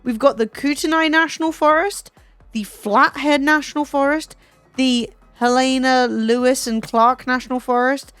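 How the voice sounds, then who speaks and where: High-voiced British woman, teasing. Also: steady tone, moderate pace, fairly bright tone, clean tone, no echo. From Britain. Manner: teasing, incredulous, swears freely. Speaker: streamer. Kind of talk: casual chat with a guest. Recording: dry close mic, faint music behind.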